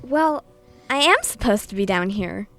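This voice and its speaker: A woman's voice: medium pitch, animated, measured pace, fairly bright tone, faint music behind. A woman voicing an adventurer who bluffs her way past a guard, hesitant and fumbling. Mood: bluffing.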